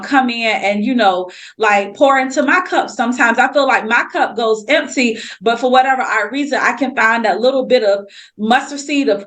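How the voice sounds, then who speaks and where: A woman's voice: on the high side, fairly bright tone. A woman hosting a faith podcast, talking in a candid, emphatic way and cutting in with exclamations. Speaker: podcast host. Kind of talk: casual faith podcast conversation.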